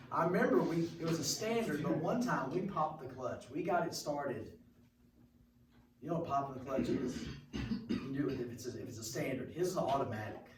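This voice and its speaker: A man teaching a class in a rambling, folksy way, with corny jokes. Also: mid-range voice. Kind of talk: classroom lecture. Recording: echoey room, mic far off, noisy.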